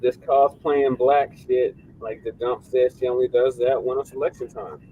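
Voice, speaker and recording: A man's voice: medium pitch, fairly even intonation, normal speed, narrow, tinny audio, slight background noise. A man co-hosting a commentary show, talking in a blunt, profane, offhand way. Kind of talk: casual commentary.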